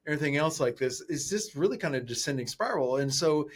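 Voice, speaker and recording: A man's voice: fairly high pitch, expressive, fast. A man co-hosting a podcast interview, talking casually and animatedly, acting out his own reactions in quotes. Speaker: podcast co-host.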